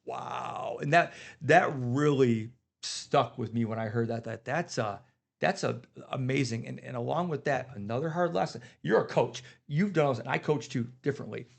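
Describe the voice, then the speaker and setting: Gravelly man telling earnest stories. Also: mid-range voice, normal speed. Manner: earnest, emotional storytelling. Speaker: podcast guest. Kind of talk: casual chat.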